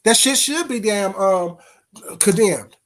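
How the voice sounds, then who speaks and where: A man's voice: sits high, animated, slow. A man hosting a casual livestream, bluntly cussing out trolls and greeting viewers in the chat by name. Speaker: livestream host.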